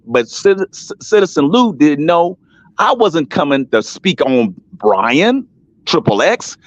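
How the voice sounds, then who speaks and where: A man's voice: high voice, no echo. A man in a heated casual talk on an online panel, emphatic and repetitive, calling listeners by name. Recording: dull dry stream audio.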